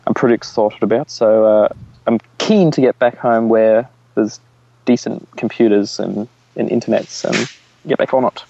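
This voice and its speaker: A man's voice: fairly low pitch, steady tone, moderate pace, creaky, warm tone, highs cut off, slight background noise. A man chatting and joking casually as a podcast co-host, calling in from outdoors. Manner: joking, playful put-on Australian voices. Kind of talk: casual chat. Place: outdoors on holiday.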